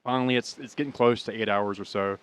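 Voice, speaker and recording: A man's voice: lowish voice, steady tone, quick pace, fairly bright tone, clear, resonant tone. An American man in his thirties casually telling a rambling, profane story and laughing at his own bad luck. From United States. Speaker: podcast host.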